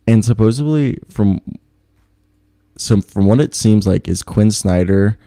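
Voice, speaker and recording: A young podcast co-host with a low, warm voice, heard on a dry recording over a remote video call streaming setup. His chat is casual and rambling, full of jokes, frequent laughter and swearing.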